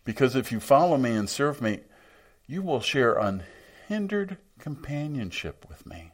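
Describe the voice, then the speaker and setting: A man's voice: medium pitch, sing-song, measured pace. A man preaching a sermon, reading scripture aloud and reflecting on it in a musing way.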